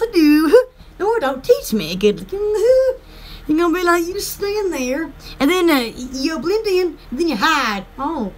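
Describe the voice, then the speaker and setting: A woman chatting in a rambling, goofy live stream at home, giggling often. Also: extremely high pitch. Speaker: vlogger.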